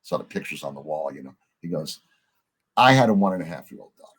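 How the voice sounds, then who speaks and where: A middle-aged man, a podcast guest, telling a story in a lively way, acting out the lines of the people in it and swearing casually. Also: rumbling low, fast, husky. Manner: animated storyteller, acts out quoted dialogue, swears casually.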